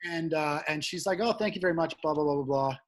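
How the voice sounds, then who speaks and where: A man, a comedian guest, telling a long road story in casual chat, profane and animated, shouting out the lines he quotes. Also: on the high side, fast.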